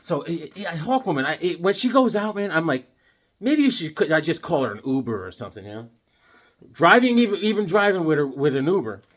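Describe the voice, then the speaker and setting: Male comic vlogger, high and lively voice, joking and rambling. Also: brisk. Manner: joking, rambling, animated riffing. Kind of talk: comedic casual monologue.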